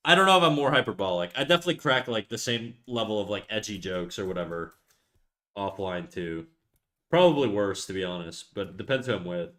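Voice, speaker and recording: A man's voice: on the low side, lively intonation, a little fast, a bit bright. A young man streaming live, chatting casually in an upbeat, talkative way, restarting and stumbling over his words.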